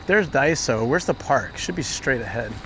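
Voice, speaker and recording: Walking outdoors through the city amid traffic noise, a man livestreams casual chat in a mid-range, sharp-toned, animated voice at normal speed. His storytelling rambles and leans heavily on fillers.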